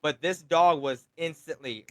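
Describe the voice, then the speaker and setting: A man's voice: a little high, a little slow, smooth, dry recording. Upbeat man telling a story on a podcast. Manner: storytelling, animated retelling with acted quotes. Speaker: podcast co-host; delivery driver. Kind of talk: casual chat.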